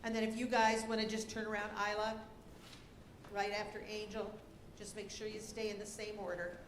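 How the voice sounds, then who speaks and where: A woman's voice: mid-range voice, level tone. Woman pronouncing words in an echoey auditorium. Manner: deliberate, spells letters out slowly; gives stage directions to contestants. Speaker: spelling bee pronouncer. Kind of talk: reading words and definitions aloud. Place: school auditorium. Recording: echoey auditorium with faint noise.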